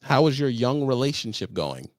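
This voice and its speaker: A man hosting a casual trucking livestream, talking bluntly and swearing, his voice jumping high and loud when he presses a point. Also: moderate pace, dry recording, clean studio sound. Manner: blunt, animated, swears, rises to loud high-pitched emphasis. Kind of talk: casual advice talk to viewers.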